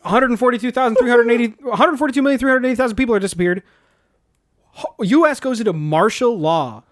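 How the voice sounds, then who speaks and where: A man co-hosting a podcast, casually recapping a movie plot in a rambling, profane and animated way. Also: very high-pitched, fast. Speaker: podcast co-host.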